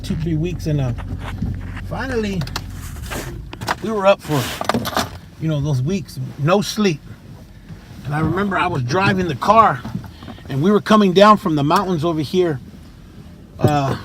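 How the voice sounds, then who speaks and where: High-voiced man telling a street story. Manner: casual, slangy and profane, with many fillers. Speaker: recovering addict telling his story. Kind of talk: unscripted personal storytelling. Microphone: tablet camera mic. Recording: noisy street and traffic sound.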